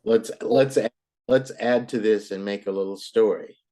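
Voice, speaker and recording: A woman tutoring a child in English, patient and encouraging, repeating words slowly to model them. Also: very deep voice, dark tone. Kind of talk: online tutoring lesson.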